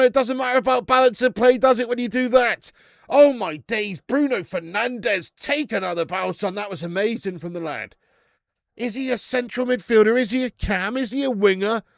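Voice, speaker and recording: A man in his twenties calls a football match live for his fan channel, loud and excitable, swearing freely and bantering with chat. His voice sits high and has a gravelly edge. It is recorded close and dry. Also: no echo. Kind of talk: live football watch-along commentary.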